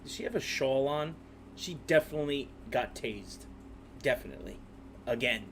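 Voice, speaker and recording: A man's voice: mid-range voice, expressive, moderate pace, fairly bright tone, slight background noise. A man hosting a casual commentary over court clips, joking and mocking. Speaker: commentary host.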